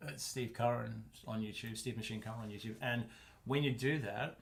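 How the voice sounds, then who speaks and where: A man's voice: mid-range voice, brisk, gravelly. A middle-aged man, co-hosting a podcast in rambling, joking casual chat full of restarts. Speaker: podcast co-host.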